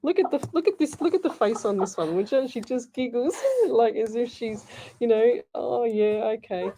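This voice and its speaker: A woman with an Australian accent hosting a live psychic call-in radio show, chatty and quick to laugh. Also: a little high, dark tone. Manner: chatty, laughs easily, reads messages aloud. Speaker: psychic medium radio host. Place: radio studio.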